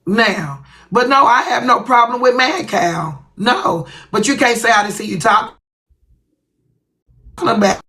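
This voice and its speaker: A woman's voice: fairly high pitch, unhurried, bright, forceful tone. A woman hosting a livestream, talking bluntly and profanely to her viewers in a confrontational rant. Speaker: livestream host.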